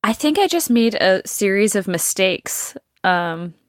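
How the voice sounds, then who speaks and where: A woman's voice: mid-range voice, sing-song, a little slow, dry recording. A woman co-hosting a casual podcast with dry, sarcastic quips. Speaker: podcast co-host.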